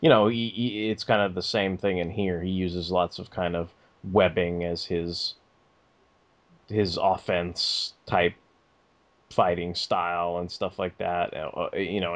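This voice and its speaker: This man co-hosts a podcast in a casual, rambling chat, leaning on fillers and profanity. He speaks unhurriedly in a low-pitched voice with little pitch movement.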